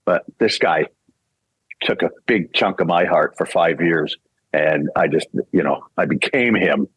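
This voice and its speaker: A man's voice: deep voice, a little slow, fairly bright tone, slightly rough, dry recording, rough recording. An older man from Canada, a voice actor and singer, telling a casual story and acting out the voices he quotes, laughing often.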